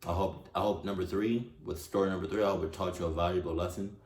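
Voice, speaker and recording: A man in his twenties hosting a reaction video, talking casually, swearing often, with loud exclamations. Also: low-pitched, fairly even intonation, fast, hardly any pauses, roomy sound. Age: 20s.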